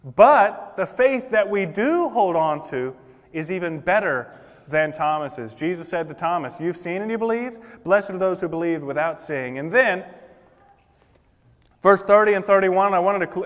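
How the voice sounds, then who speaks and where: High-voiced preacher in a reverberant church. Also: male voice, expressive, unhurried. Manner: impassioned, acts out the Bible figures' words. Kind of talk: sermon. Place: church sanctuary. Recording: long reverb of a church hall.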